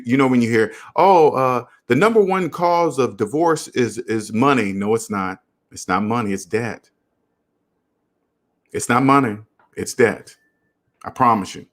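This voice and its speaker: A man hosting a casual live stream, reading viewer comments and lecturing earnestly about debt. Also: fairly low pitch. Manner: earnest, preachy, animated. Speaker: channel host.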